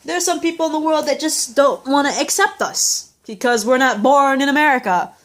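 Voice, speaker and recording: A woman's voice: high voice, normal speed, a bit bright. A young woman recapping a TV episode in a rambling, heartfelt, casual way, full of fillers and restarts.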